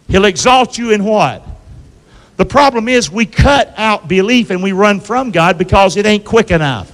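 A man preaching a sermon to his church in call-and-response style, asking the congregation to answer back and swinging between loud calls and low asides. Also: big-room sound, poor audio. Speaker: pastor. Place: church sanctuary.

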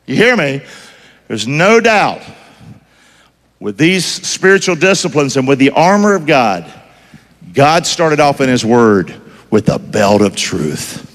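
A man's voice: mid-range voice, big pitch swings, slow, long pauses, a bit bright, in a large hall. A man preaching a sermon, quizzing the congregation for call-and-response in a folksy, emphatic way.

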